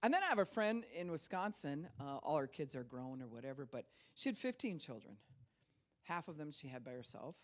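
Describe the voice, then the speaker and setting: Animated woman pastor preaching conversationally. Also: sits low, brisk. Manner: conversational, acts out quoted voices, laughs often. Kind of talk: sermon.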